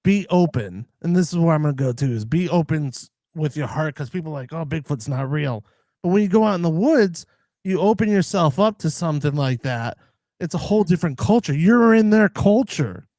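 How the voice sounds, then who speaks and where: A man's voice: fairly high pitch, expressive, brisk, darkish tone, no echo. An American man in casual chat, talking earnestly and rambling with many fillers. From United States. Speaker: podcast guest.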